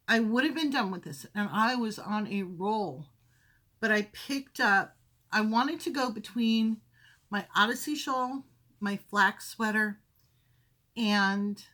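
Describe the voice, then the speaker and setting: This crafting podcast host speaks slowly, with long pauses, in a medium-pitched voice that's a bit bright. Casual and chatty, she rambles and self-corrects while showing her projects from a windowed craft room at home, briefly out of breath.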